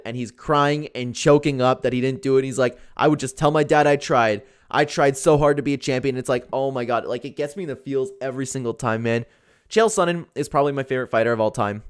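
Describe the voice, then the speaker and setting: A man's voice: medium pitch, smooth. A young man giving casual, opinionated commentary on fight news, with lots of fillers like "like" and "man".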